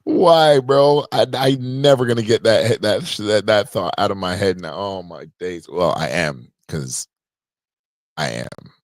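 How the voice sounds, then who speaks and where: Laid-back low-voiced male stream host. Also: measured pace, no room sound. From Canada. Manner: loose, joking, slangy, restarts often. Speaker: livestream podcast host. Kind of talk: casual livestream chat. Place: home podcast room.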